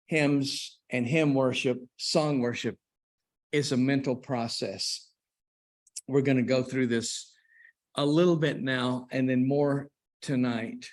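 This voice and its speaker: A man preaching to a church congregation in an unhurried, conversational way, with restarts and asides to the listeners. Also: medium pitch. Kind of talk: church class talk on hymns. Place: church auditorium.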